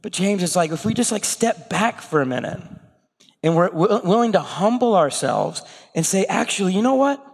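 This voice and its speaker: A man preaching a sermon in a conversational way, slipping into quick acted asides. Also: high-pitched, expressive, gravelly, long reverb tail. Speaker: pastor.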